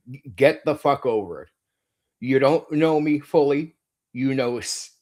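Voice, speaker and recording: A man's voice: medium pitch, darkish tone. A man hosting his own stream, ranting in a defensive, indignant way, swearing constantly and stumbling over restarts. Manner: profane, repetitive, frequent stammered restarts. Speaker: channel host. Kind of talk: heated livestream rant.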